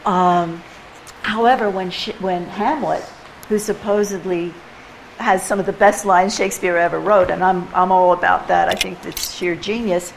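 A woman with a lowish voice teaches a poetry workshop to a room of people, chatty and animated. She plays with rhythm out loud as she explains. A faint hiss of room noise sits under her voice. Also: moderate pace, creaky, poor audio. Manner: chatty, animated, playful, mimics rhythms aloud. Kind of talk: informal teaching to a group. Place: room with a live group.

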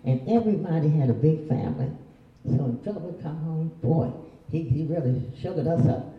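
A woman's voice: low voice, fairly quick. An older woman, a retired teacher, telling her own family memories in a folksy, chuckling way. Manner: chuckling, folksy, plays other voices. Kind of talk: oral history storytelling. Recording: distant, roomy, dull lo-fi recording.

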